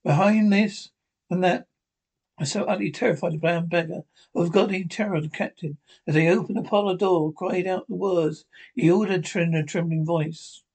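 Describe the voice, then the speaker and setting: Amateur male reader of a classic novel; high, husky, gravelly voice, halting delivery. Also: fairly even intonation, a little mellow. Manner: unpolished reading with slips and restarts. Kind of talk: reading a classic novel aloud.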